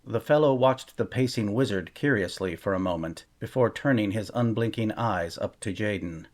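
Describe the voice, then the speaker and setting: A man narrating a fantasy novel chapter in a measured, steady storytelling voice. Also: lowish voice. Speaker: audiobook narrator. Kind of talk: scripted fantasy audiobook narration.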